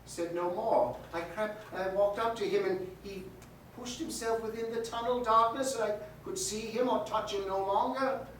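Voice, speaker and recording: A man voicing a troubled, haunted male railway signalman in a live storytelling performance, with a solemn, halting delivery. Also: high voice, steady tone, a bit bright, pitched above the performer's own voice. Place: museum event space. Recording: echoey hall, mic far off, faint noise.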